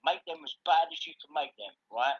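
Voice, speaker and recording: A man's voice: fairly high pitch, lively intonation, fairly quick, husky. A man ranting angrily on a livestream, swearing constantly and confrontational. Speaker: livestream host. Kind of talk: angry ranting chat. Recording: dull lo-fi sound.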